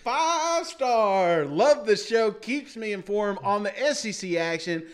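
A man with a notably high voice reads listener reviews aloud on a sports podcast. He tosses in jokey, mock-dramatic asides and laughs often as he goes. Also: expressive, slow. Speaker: podcast co-host.

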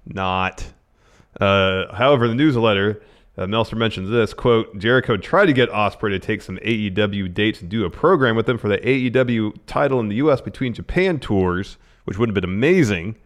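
A man co-hosting a podcast in an easygoing, casual way. He reads out news items in a relaxed manner. His voice is low-pitched. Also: normal speed. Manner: laid-back, reads news items aloud. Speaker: podcast co-host.

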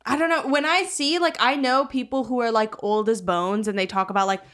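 A woman's voice: fairly high pitch, steady tone, fairly quick, fairly bright tone. A young woman co-hosting a podcast, chatting casually with lots of fillers and swearing. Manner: rambling, filler-heavy, swears freely. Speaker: podcast co-host. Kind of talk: casual chat.

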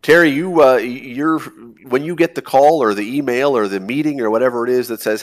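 A man's voice: mid-range voice, moderate pace, few pauses. A man hosting a morning radio show, chatty and emphatic, often repeating words as he starts a thought. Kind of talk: casual radio interview.

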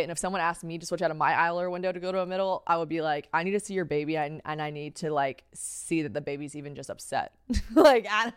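A woman's voice: fairly low pitch, clean tone, no echo, studio quality. A young woman hosting a solo podcast, telling a story in a chatty, profane way with lots of filler words and dramatic quoted voices. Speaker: podcast host.

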